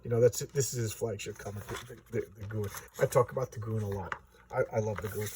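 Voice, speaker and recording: A man's voice: fairly low pitch, steady tone, brisk, recorded from a distance, noisy background. A man reviewing a comic book in a casual vlog, enthusiastic and rambling with many restarts.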